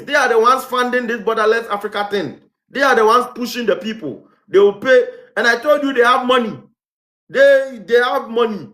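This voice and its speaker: A man's voice: very high-pitched, a bit bright. Fired-up Ghanaian man in an echoey room. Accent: Ghanaian English. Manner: heated, repetitive rhetorical questions. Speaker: vlogger. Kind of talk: impassioned commentary monologue.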